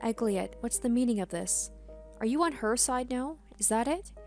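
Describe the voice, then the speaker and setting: A woman's voice: on the high side, lively intonation, moderate pace, faint music behind, voice pushed up. A woman reading aloud the lines of a possessive, imperious young princess girl from a game. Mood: hurt. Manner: bossy, indignant reading.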